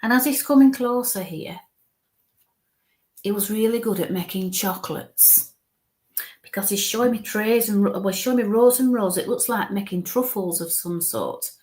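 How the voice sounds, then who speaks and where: Hushed, halting woman medium. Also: mid-range voice. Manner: halting, coaxing, murmurs soft asides. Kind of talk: live spirit reading.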